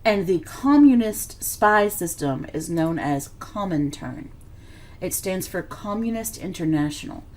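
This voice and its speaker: A woman's voice: lowish voice, lively intonation, measured pace, a little mellow. A woman teaching a history lesson in a casual, conversational way, full of fillers and check-ins, a bit tired and yawning. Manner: conversational, filler-heavy, checks in with "okay" and "right". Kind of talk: classroom lecture on slides.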